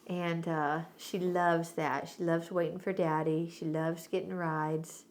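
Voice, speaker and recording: A woman hosting a family vlog as the mother, chatty and lively as she tells stories about her toddler. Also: fairly low pitch, unhurried. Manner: chatty, animated, acts out her toddler's cute words. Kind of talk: casual family vlog storytelling.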